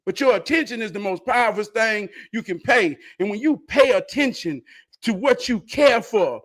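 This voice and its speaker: A middle-aged man hosts a talk show with a notably high-pitched voice. He talks in a passionate, sermon-like way and swears freely. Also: lively intonation, moderate pace, a bit bright. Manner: impassioned, preacherly, profane. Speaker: host. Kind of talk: casual talk-show conversation.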